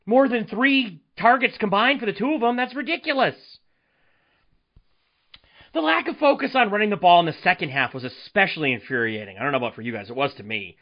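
A man's voice: high voice, fairly quick, dull audio. Exasperated man ranting on a podcast. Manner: animated, exasperated ranting with rhetorical questions. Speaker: podcast host. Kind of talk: solo sports commentary podcast.

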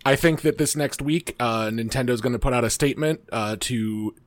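Male co-host, deadpan humor, hesitant delivery, dry mic. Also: mid-range voice, moderate pace, no echo. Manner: deadpan joking, hesitant fillers. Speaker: podcast co-host. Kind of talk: casual chat.

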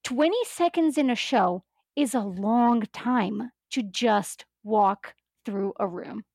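A woman co-hosting a podcast in casual chat, animated and giggly, acting out lines she quotes. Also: on the high side, slow, creaky, breathy edge, no room sound, studio quality. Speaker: podcast co-host.

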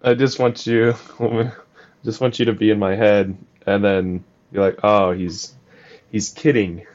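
A young man co-hosting a casual podcast chat, speaking in an even, flat tone that hides his jokes. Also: fairly low pitch, measured pace, muffled recording. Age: young adult. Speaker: podcast co-host.

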